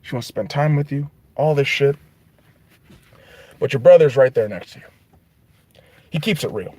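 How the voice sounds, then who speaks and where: A man hosting a podcast, ranting casually and profanely in an animated, rambling way. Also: mid-range voice, moderate pace, no room sound. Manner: animated, rambling, heavy swearing. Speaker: podcast host.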